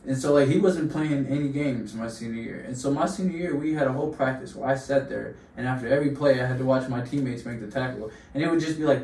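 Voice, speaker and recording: A man's voice: mid-range voice, fast talker, hardly any pauses, a little mellow. Young man telling gym stories, roomy room. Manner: long slangy storytelling, fired up. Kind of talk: casual podcast chat. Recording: roomy room, distant mic, faint hum.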